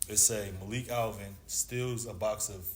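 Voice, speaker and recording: At a measured pace and in a fairly low, fairly even voice, a thirtysomething former basketball player relaxes into a long, slangy story, voicing the characters' lines. The recording has an echoey room sound and faint background noise.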